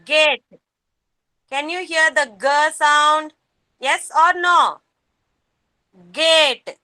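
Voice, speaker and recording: High bright-voiced teacher, slow and patient. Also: female voice, no room sound. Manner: slow, patient, repeats words for young children. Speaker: kindergarten teacher. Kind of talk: online class teaching. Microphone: video call.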